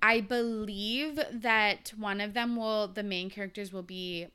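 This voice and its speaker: A woman's voice: medium pitch, steady tone, unhurried, bright, forceful tone, smooth. A young woman vlogger chatting casually about a TV season, gushing, swearing freely and filling her talk with "like". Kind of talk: casual chat.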